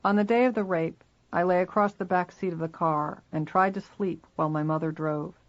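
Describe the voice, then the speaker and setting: A reader narrating a first-person memoir in a steady, measured way. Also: medium pitch, muffled recording.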